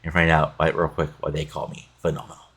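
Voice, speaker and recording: A man's voice: a bass voice, level tone, fast talker, a bit bright, breathy edge, heavily acted. A man reading out the lines of a cocky male wrestling champion defending his title. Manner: confident, read aloud plainly.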